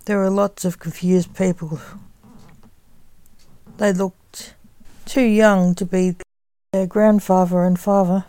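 A woman narrating a story in a measured, plain way. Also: medium pitch, little pitch movement, warm tone, no echo.

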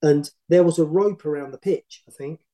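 Middle-aged man, mellow, animated storyteller. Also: fairly high pitch, normal speed, low-quality recording. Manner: animated, rambling anecdotes with many restarts. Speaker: former football manager, podcast guest. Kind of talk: casual storytelling.

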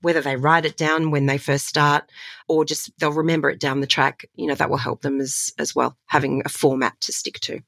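An Australian woman talks as a voice coach in an interview, lively and enthusiastic. Her voice sits on the low side. The close mic gives a dry sound. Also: brisk, vocal fry, no echo. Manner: enthusiastic, animated storytelling with laughs. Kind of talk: conversational interview.

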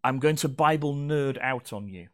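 A man's voice: medium pitch, moderate pace. A man preaching a sermon to his congregation, playful and teasing. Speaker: pastor. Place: church hall.

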